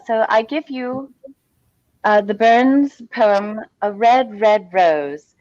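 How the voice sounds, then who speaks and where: A woman's voice: medium pitch, darkish tone, highs cut off. A woman performer chatting casually at an online festival, laughing easily between remarks. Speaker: performer and poetry reader.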